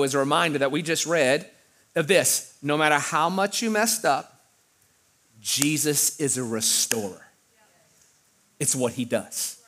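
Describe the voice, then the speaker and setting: A man preaching a sermon, telling a story in an animated way, loud one moment and quiet the next. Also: on the high side. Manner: animated, with big swings of loudness. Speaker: pastor.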